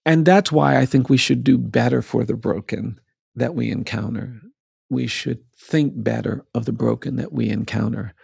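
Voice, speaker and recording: Gravelly, earnest male storyteller, dry sound. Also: medium pitch, a little mellow, no room sound. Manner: measured, earnest, builds emphasis through repetition. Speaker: lawyer, podcast guest. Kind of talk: personal storytelling in a podcast interview.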